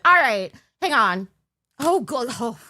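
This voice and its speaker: Lively, scattered woman livestreamer. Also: on the high side, slow, dry recording. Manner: scattered, rambling, loses her train of thought; bursts into a mock auctioneer patter. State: overtired. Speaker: livestream host. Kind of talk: casual livestream chat.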